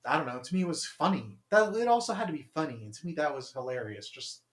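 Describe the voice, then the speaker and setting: A man's voice: fairly high pitch, animated, quick pace. Rambling young man in a roomy room. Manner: rambling storytelling with many "like"s and acted-out quotes. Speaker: podcast co-host. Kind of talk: casual chat. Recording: roomy echo.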